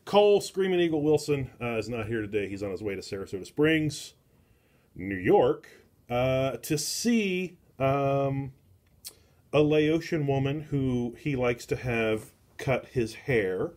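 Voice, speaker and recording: A middle-aged man hosts a casual comic book review at an unhurried, drawn-out pace. He rambles, stops and restarts, and pads his thoughts with plenty of filler words. His voice sits at an ordinary pitch for a man. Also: animated, a little mellow. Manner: slow and deliberate. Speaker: book club host.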